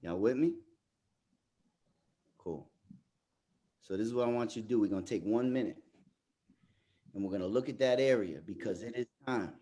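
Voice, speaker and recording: A man facilitating a fathers' group workshop who talks emphatically and often repeats words as he restarts. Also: on the low side. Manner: turns soft and slow in reflective parts. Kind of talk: motivational workshop talk.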